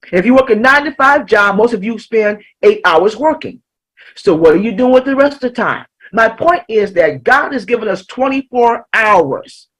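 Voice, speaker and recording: A woman giving a motivational talk as a life coach, emphatic, repeating key lines slowly. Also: a little high, fairly bright tone, breathy edge, rough recording.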